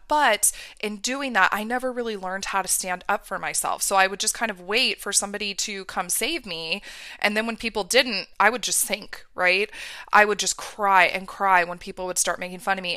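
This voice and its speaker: Woman host, bright tense tone, emphatic and candid, close dry sound. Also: medium pitch, clean tone, dry recording. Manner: emphatic, candid, acts out remembered dialogue. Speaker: podcast host. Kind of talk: personal storytelling monologue.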